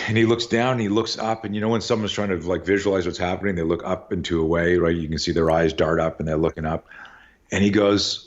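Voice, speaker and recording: Speaking fairly quickly in a low voice, with the highs cut off in the audio, a middle-aged podcast guest spins a long, casual story. Along the way he does the characters' voices and lets out the occasional swear.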